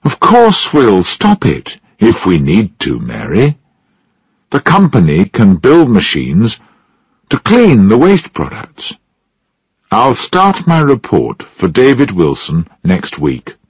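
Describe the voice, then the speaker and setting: Measured male factory scientist, man reading him, very slow, dry sound. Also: lowish voice, wildly swooping pitch, slightly rough, dry recording, exaggerated voice. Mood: reassuring.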